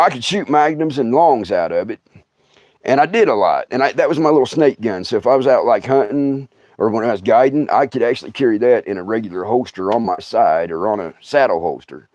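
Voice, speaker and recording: A man's voice: medium pitch, no room sound. Drawling man telling a tall tale. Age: middle-aged. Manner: drawling, hushed, acts out sounds. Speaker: storyteller. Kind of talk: casual spoken storytelling. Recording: dull lo-fi dry sound.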